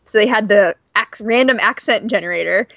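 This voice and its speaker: A woman's voice: medium pitch, fairly quick, vocal fry, fairly bright tone. A woman co-hosting a podcast in casual chat, gushing and chatty with lots of fillers. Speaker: podcast co-host.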